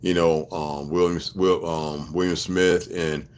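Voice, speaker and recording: Deep-voiced man in a profane, emphatic rant. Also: level tone, unhurried, darkish tone, a little hiss or hum. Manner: often asks listeners if they follow. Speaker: video blogger. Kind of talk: rambling personal monologue.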